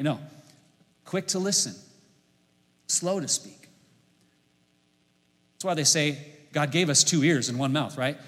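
Brief: middle-aged male pastor, bright forceful tone, slightly high, preaching with humor in a church hall with long reverb. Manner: leads the congregation in repeating lines, jokes and laughs. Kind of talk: sermon.

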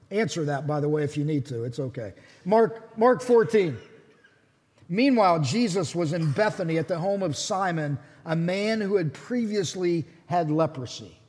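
High-voiced pastor preaching in a hall. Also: male voice, slightly rough. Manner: animated storytelling, acting out voices of the story. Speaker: lead pastor. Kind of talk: sermon.

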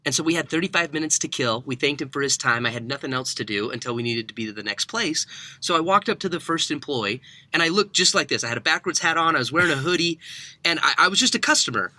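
A young man, a podcast guest, telling a story in conversation, animated and laughing often. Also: a little high, quick pace, no room sound. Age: young adult.

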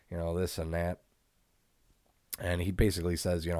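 A man's voice: low-pitched, quick pace, warm tone, dry recording. A man co-hosting a podcast, recapping old wrestling shows in a laid-back, profane way and laughing often. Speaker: podcast co-host. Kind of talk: casual wrestling recap chat.

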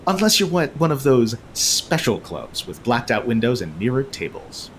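A man's voice: mid-range voice, big pitch swings, normal speed, a little hiss or hum. A man hosting a podcast, recapping a movie in a casual, sarcastic, joking way with frequent swearing. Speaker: podcast host.

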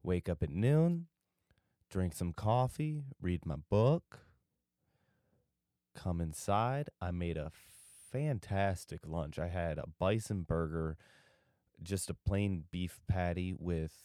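A man's voice: sits low, expressive, slow pace, mellow, clean tone, dry recording, studio quality. A tired young man rambling loosely through a solo podcast, drifting off topic and losing his train of thought. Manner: drowsy, meandering, loses his train of thought. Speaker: podcast host.

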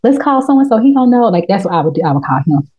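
Slangy, animated woman recapping a show. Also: lowish voice, breathy edge, poor audio. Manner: animated, profane, slangy storyteller who acts out characters in quick quoted voices. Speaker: podcast host. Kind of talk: casual TV recap chat.

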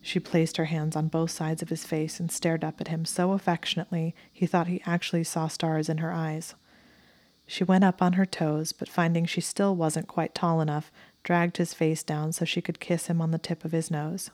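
Low-voiced woman reading romance fiction. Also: little pitch movement, moderate pace, darkish tone, no echo. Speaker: audiobook narrator.

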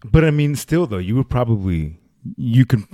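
A man's voice: mid-range voice, sing-song, moderate pace, mellow, no room sound, studio quality. A young man in casual chat, curious and laughing, prodding his friend with questions. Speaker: conversation partner.

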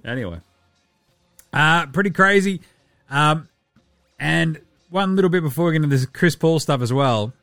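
A man's voice: fairly high pitch, lively intonation, normal speed, pauses often, fairly bright tone, no room sound, studio quality, soft background music. A man hosting a casual sports podcast, brash, profane and jokey. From Australia. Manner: brash, profane, jokey, puts on voices for quotes. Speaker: podcast host.

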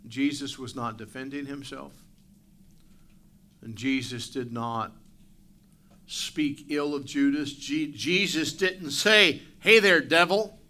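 Bright-voiced male pastor preaching. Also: mid-range voice, slow pace, pauses often. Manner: animated preaching, acts out barking dog and asides to the congregation. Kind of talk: sermon. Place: church sanctuary.

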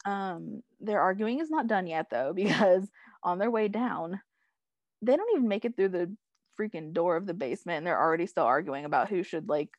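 A woman's voice: fairly low pitch, animated, normal speed, no room sound. A young woman in casual chat, recapping a TV episode, rambling with lots of "like" and "um" and frequent laughs. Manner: rambling, heavy use of "like" and "um", laughs often. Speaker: podcast co-host recapping a TV episode.

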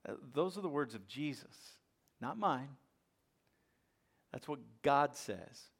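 A man preaching a sermon as pastor, swinging between loud emphatic lines and hushed ones. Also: medium pitch, very animated, measured pace, vocal fry, pauses often, breathy edge.

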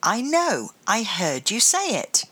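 A woman's voice: medium pitch, wildly swooping pitch, slow, pushed and bright, slightly rough, pitched above the performer's own voice, full character voice. A woman voicing a curious young girl who asks earnest questions.

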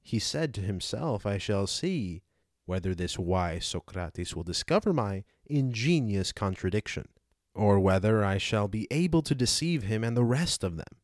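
A man's voice: fairly low pitch, expressive, a little slow, a little mellow, no echo, clean studio sound. A man reading the part of an aged male philosopher, cross-examining with rhetorical questions, for a dramatized audiobook. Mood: indignant.

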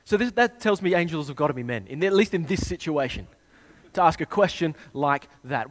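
Guy preaching, pretty high voice, goes quiet then booms, storytelling vibe. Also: animated, a little fast. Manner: dramatic retelling with sudden soft and loud swings. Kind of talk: sermon.

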